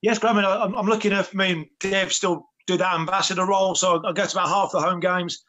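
Quick, high-voiced man. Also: steady tone, bright, forceful tone. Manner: chatty, rambling with restarts and fillers. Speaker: guest, former footballer. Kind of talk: casual chat.

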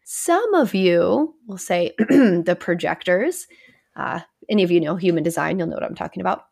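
A woman's voice: fairly low pitch, animated, normal speed, creaky, darkish tone, husky. A woman in her thirties, a therapist hosting her own podcast, talking candidly and conversationally on her own, sometimes dropping to a near whisper. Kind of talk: casual solo podcast talk.

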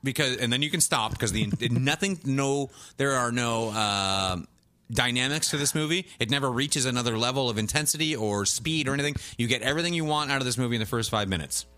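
Exasperated swearing man, bright voice. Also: mid-range voice, a little fast. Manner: rambling, exasperated, swears often, trails off. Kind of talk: casual profane chat.

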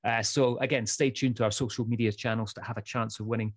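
A man's voice: medium pitch, fairly even intonation, fast, dry recording, clean studio sound. Chatty male whisky podcast co-host. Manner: chatty, repeats words when thinking. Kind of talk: casual chat.

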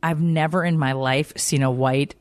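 A woman's voice: low-pitched, moderate pace, dry recording. This is a woman co-hosting a casual talk show, spinning anecdotes and jumping into quoted voices. Her sound is dry and close, with no room around it. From Georgia, US. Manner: chatty storyteller, lively quoted voices. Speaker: podcast co-host. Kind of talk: casual chat.

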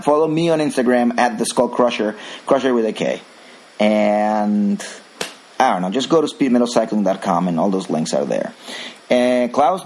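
Husky-voiced man hosting a podcast. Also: medium pitch, a little mellow, low-quality recording. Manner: rambling, with frequent restarts and strong opinions. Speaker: podcast host. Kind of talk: casual chat.

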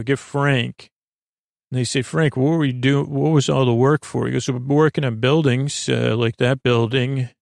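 A man hosting a sleep podcast, retelling a TV episode in a low-key, drowsy ramble full of ums, likes and restarts. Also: creaky, dry recording, studio quality. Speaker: podcast host.

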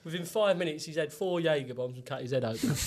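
A man's voice: on the high side, a little fast, darkish tone. A man, a former footballer telling sweary, laddish stories in casual chat. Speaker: former footballer, podcast regular.

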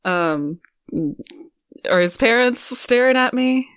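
A woman's voice: on the high side, lively intonation, slow pace, a bit bright, smooth, no room sound, studio quality. A woman playing a tabletop role-playing game, speaking politely as her character. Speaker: player.

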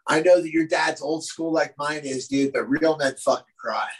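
An earnest man talking casually on a podcast, his voice sitting a little higher than most men's. His speech is loose and slangy, packed with "like," "dude" and "bro.". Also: moderate pace, poor audio. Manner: slangy, filler-heavy, full of "dude" and "bro"; earnest, talks about recovery.

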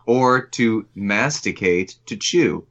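A man's voice: lowish voice, expressive, slow pace, fairly bright tone, dull audio. A man co-hosting a casual podcast, playfully reading out trivia with fillers. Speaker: podcast co-host.

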